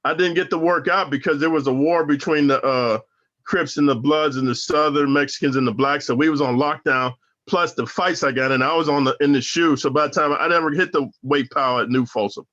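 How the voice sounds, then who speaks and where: Guy from northern california talking rough and slangy, bright punchy voice, kinda muffled audio. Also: on the high side, steady tone, brisk. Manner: profane, slangy, emphatic storyteller. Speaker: interview guest, former prisoner. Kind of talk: casual storytelling interview.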